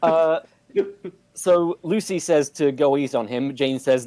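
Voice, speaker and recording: A man co-hosting a casual podcast, recapping a show and reading out its dialogue haltingly with many fillers. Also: mid-range voice, dry recording. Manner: halting, lots of "uh", reads quotes flatly.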